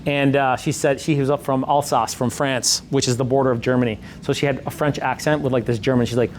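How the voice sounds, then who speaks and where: A man's voice: mid-range voice, steady tone, a little fast, a little hiss or hum. A middle-aged man as a sales coach, talking emphatically and repeating his points in a coaching session.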